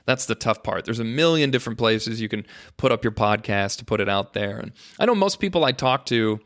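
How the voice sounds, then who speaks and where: A man's voice: on the low side, animated, fairly quick, a bit bright. A man hosts his own podcast solo, in a loose and casual monologue. He rambles from one thought to the next, jokes at his own expense, and throws in mock-dramatic asides to his listeners. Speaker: podcast host.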